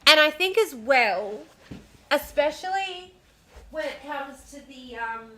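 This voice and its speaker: A woman's voice: sits high, bright, forceful tone, slight background noise. A woman with an Australian accent, chatting casually on a home stream and swearing freely as she talks with a smile. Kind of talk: casual livestream chat. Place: home room. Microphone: desk mic at home.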